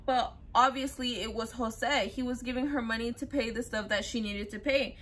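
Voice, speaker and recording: In a slightly high, fairly bright voice, a young woman recounts a true crime case at a moderate pace with hardly any pauses. Her telling is loose and chatty, heavy on fillers, with quick, rough impressions of people's words.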